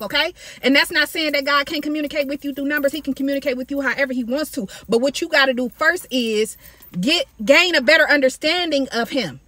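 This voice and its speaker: A woman talks casually to her viewers about scripture, calling them baby and y'all in an animated, preachy way. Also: high-pitched, fairly quick. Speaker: faith video creator. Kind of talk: casual Bible-study talk to camera. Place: outdoors in sunlight.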